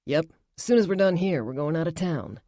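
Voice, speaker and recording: A woman putting on a low casual young guy. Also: expressive, fairly quick, mellow, dry recording, studio quality. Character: young men of the group, casual. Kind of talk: audiobook narration.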